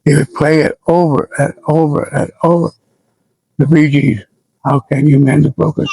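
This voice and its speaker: An American man in his seventies, an army veteran recalling his service in a plainspoken, halting and somber way for an interview. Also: fairly high pitch, level tone, creaky, darkish tone, slightly rough, no echo, poor audio. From United States. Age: 70s. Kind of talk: oral history recollection.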